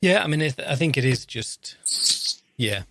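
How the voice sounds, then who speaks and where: A man's voice: medium pitch, expressive, normal speed, creaky, a bit bright, slight background noise. A man, hosting a podcast in a casual, rambling, self-deprecating, jokey way. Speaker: podcast host. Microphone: podcast microphone.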